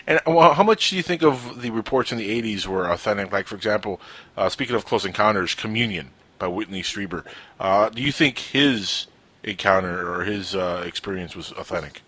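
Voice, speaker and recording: A man's voice: on the low side, brisk, a bit bright. A man hosting a talk radio interview, talking at length in a speculative, chatty way. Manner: speculative, talkative. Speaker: radio host.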